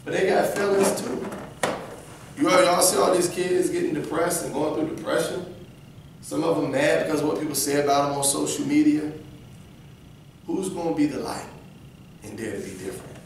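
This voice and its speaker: A man with a slightly high voice leads a lively Bible lesson for kids, quizzing the class and acting out little scenes. He is heard from a camera well back in a very echoey church room, with faint noise behind. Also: moderate pace, long pauses, distant mic. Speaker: church youth teacher.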